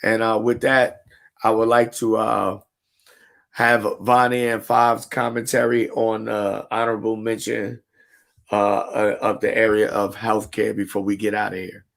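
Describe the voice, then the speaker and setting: Gravelly low-voiced male podcast host. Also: level tone, unhurried, fairly bright tone. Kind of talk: casual podcast discussion.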